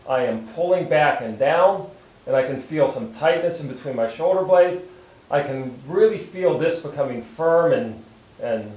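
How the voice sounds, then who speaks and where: A man with a somewhat high voice calmly leads a posture exercise lesson, describing each stretch as he does it. He talks in a steady, instructive way. The sound is roomy, with a noticeable echo. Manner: calm, steady step-by-step instruction while moving. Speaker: chiropractor demonstrating exercises.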